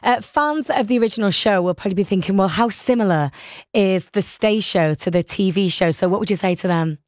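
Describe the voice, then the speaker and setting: A woman radio presenter interviewing a guest, enthusiastic and quick to laugh. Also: medium pitch, no echo, studio quality. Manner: enthusiastic, warm questions, laughs easily.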